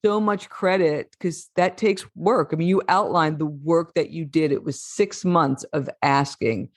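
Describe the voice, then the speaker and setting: A woman's voice: low-pitched, measured pace, dry recording, clean studio sound. A woman podcast host asking a guest questions and reflecting back on what she shared in a reassuring, affirming way. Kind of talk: interview conversation.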